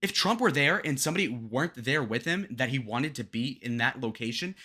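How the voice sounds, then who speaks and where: A man's voice: medium pitch, animated, a little fast, hardly any pauses, pushed and bright, breathy edge. A young man hosting a reaction commentary on political debate clips, profane and mocking as he rants.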